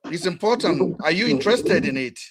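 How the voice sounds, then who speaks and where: A man's voice: a little high, expressive, a little fast, a loud crowd. A man hosting a live talk stream, playful and teasing, often restarting his sentences. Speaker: host.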